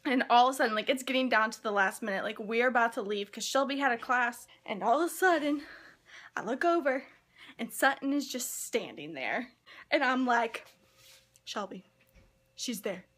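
A young woman in college vlogging excitedly and gushing, with lots of "like" fillers. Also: fairly high pitch, normal speed. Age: young adult. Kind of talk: casual vlog.

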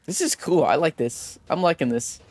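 A young man streaming a horror video game, reacting with excitable, profane trash-talk into a desk mic at home. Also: on the high side, normal speed. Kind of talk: let's play commentary.

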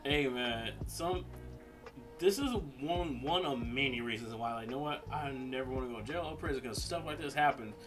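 A man's voice: medium pitch, moderate pace, over music. A man hosting a reaction video in a casual, chatty way, laughing often. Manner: laughing, casual, uses filler words.

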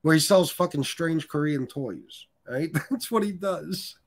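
This is a casual, foul-mouthed live-stream rant from a middle-aged man who reads viewers' chat and fires back with crude, heated trash talk. His voice sits slightly high, lively in tone, and his pace is a bit slow.

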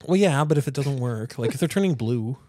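A man's voice: mid-range voice, animated, fairly quick, warm tone, no room sound, studio quality. A father co-hosting a podcast in casual chat, rambling through stories and acting out what people said. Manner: rambling storyteller who acts out quotes in other voices.

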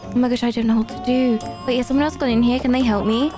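High-voiced, flustered young woman. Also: fairly even intonation. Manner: flustered, rapid, swoops up high when panicking, mock-crying. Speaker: gaming YouTuber. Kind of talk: let's-play commentary. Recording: game music playing behind.

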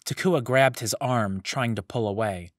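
A man narrating a fantasy story serial in a measured, even storytelling manner, close to the mic. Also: medium pitch, no room sound. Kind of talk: scripted audiobook narration.

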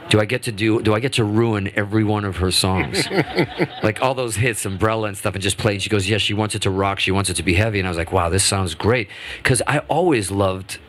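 A man in his fifties, a guest musician telling stories in a casual radio interview, animated and quick to act out quotes, with many restarts. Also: lowish voice, slight background noise. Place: radio studio.

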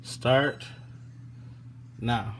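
A man's voice: mid-range voice, steady tone, drawn-out words, over a noisy crowd. A man in a home kitchen, casually talking viewers through a cooking session as he patiently coaches children step by step. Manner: coaxing, patient, calls out directions. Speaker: vlogger teaching kids to cook. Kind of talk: casual vlog instruction.

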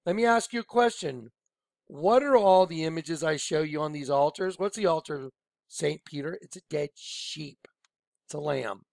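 A man leading an informal screen-share Bible study, excited and rambling, often telling listeners to watch. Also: a little high, moderate pace, vocal fry, no room sound, clean studio sound. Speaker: Bible teacher.

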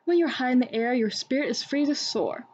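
A woman's voice: sits high, fairly quick, a little mellow, breathy edge. A woman doing a laid-back, friendly grown man. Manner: easygoing and encouraging. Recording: dull lo-fi recording.

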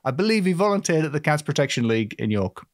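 A man's voice: a little high, very animated, fast talker, no room sound, clean studio sound. A man co-hosting a podcast with wry, teasing banter. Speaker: podcast co-host. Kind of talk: casual comedic chat.

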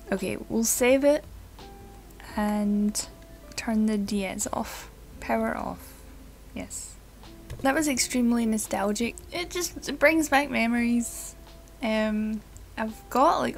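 Excitable giggly woman gamer. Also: fairly high pitch, unhurried, gravelly, faint music behind. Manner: excitable, giggly, swears casually. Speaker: let's play gamer. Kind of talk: casual gameplay commentary.

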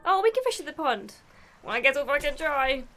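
A young woman commentating her own game play, excitable and prone to swearing. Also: high voice, fairly quick, faint music behind. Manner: excitable, swearing, laughing often. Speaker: gaming video host.

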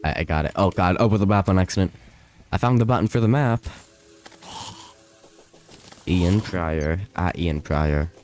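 A man's voice: low-pitched, normal speed, long pauses, darkish tone, soft background music. A man streaming a video game live, chatting loosely with viewers, often panicking and laughing. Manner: panicky, laughing, rambling to chat.

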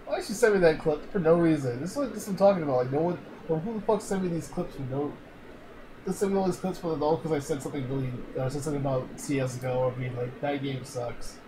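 A man's voice: on the high side, quick pace, background noise. A man streaming, reacting to old clips in loose casual chat, laughing a lot and swearing freely.

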